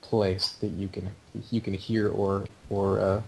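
A man's voice: deep voice, little pitch movement, unhurried, breathy edge, rough recording. A man hosting a podcast, talking in a chatty, opinionated way. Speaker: podcast host. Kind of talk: casual podcast chat.

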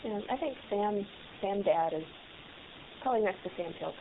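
A woman's voice: medium pitch, expressive, moderate pace. A woman interviewing an actress, asking friendly questions with the eagerness of a fan. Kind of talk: casual interview chat. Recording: tinny phone-like line with faint hiss.

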